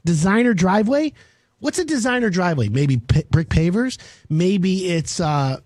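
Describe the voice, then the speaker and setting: A man's voice: high-pitched, darkish tone, husky, no room sound. A man hosting a home improvement radio show, brash and joking.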